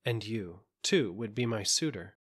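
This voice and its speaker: A man's voice: on the low side, lively intonation, a little slow, husky. A man voicing a beautiful, wicked young princess in a storybook reading, sweet and coaxing in manner.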